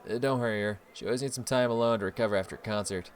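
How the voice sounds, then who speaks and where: A man voicing a calm young male band member who is covering for a friend. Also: lowish voice, rapid-fire, close to an everyday voice.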